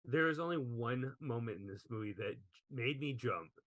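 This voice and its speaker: A young man co-hosting a movie podcast, sharing opinions and asking questions in a relaxed, casual way. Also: mid-range voice, normal speed, dry recording. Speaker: podcast co-host. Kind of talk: casual movie review chat.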